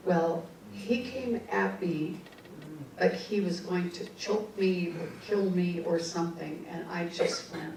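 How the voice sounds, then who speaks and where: Warm-voiced woman telling a ghost story. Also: fairly low pitch, slow, slight background noise. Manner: animated, conversational, acts out dialogue. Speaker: psychic and ghostbuster. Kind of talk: personal storytelling talk. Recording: roomy, distant mic, faint ambience.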